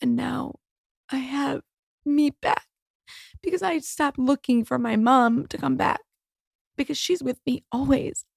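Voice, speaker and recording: A woman in her thirties speaks in a high voice, thick with vocal fry. She hosts her own podcast and talks in a raw, heartfelt way, swearing casually along the way. The sound is close and dry, with no room around it. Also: fairly even intonation, measured pace, pauses often, darkish tone, dry recording. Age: 30s. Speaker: podcast host. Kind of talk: personal podcast monologue.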